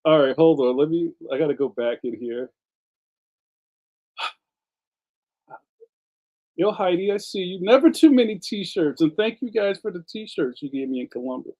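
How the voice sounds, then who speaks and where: A man's voice: a little high, lively intonation, measured pace, pauses often, dark tone, muffled recording. A man hosting a casual livestream, a cartoonist telling rambling stories full of slang, laughing often and reading out viewer comments.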